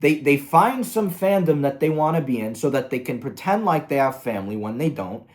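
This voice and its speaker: A man's voice: fairly high pitch, lively intonation, fairly quick. A man hosting a commentary video, ranting in an angry, profane, exasperated way. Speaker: commentary host.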